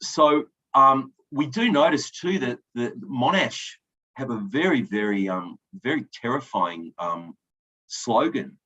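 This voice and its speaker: A man's voice: mid-range voice, lively intonation, measured pace, bright, forceful tone. A man adjudicating a debate final, giving encouraging feedback to each speaker with frequent ums and restarts. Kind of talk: spoken feedback and results announcement. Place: event hall. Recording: dull lo-fi recording.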